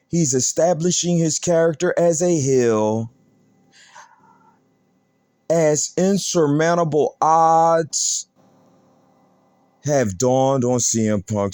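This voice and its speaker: A man's voice: mid-range voice, a little mellow, dry recording. A man hosting a wrestling news show, emphatic and repetitive, firing off rhetorical questions. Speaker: host.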